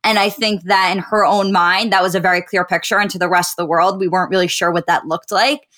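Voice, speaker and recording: A young woman co-hosting a casual podcast, speaking in a measured, teasing, playfully diplomatic way. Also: on the low side, fairly even intonation, pushed and bright. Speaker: podcast co-host.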